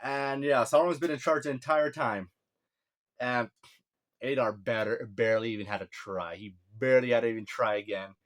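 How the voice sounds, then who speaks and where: A man recapping a show episode in casual, sarcastic speech, mocking the plot and quoting characters in quick offhand voices. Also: mid-range voice. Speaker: video reviewer.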